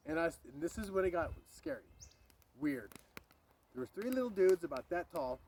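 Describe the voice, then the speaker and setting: A man telling a spooky childhood story outdoors in a rambling, animated way, swearing and breaking off for passing cars. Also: a little high, normal speed. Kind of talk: casual outdoor storytelling to camera. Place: outdoors by a street. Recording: street traffic noise behind.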